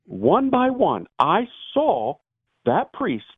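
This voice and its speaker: Brief: male priest guest calling in by phone, animated storyteller, lively pitch, thin phone-line sound. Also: slow, breathy edge, dry recording. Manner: animated storyteller, voices the people in his tale. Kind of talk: storytelling testimony. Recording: tinny dry phone line.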